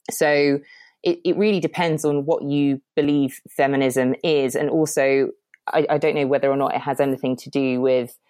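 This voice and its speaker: A woman's voice: extremely low pitch, darkish tone, dry recording. A woman researcher on a discussion panel who talks in an opinionated way, often restarting her sentences and gushing with praise.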